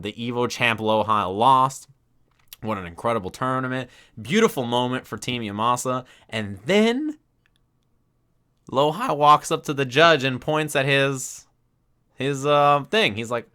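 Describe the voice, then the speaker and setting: Animated man with a bright voice. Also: medium pitch, clean tone. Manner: animated, acts out crowd reactions with quick asides. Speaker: streamer. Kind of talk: casual storytelling commentary. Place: at his desk.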